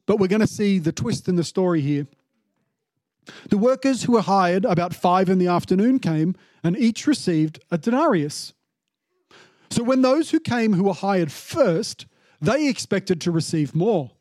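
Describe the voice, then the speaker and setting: A man's voice: high voice, darkish tone, no room sound. A man giving a casual, conversational sermon, chatty with many fillers and restarts, now and then acting out lines in a mock-indignant tone. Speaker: preacher.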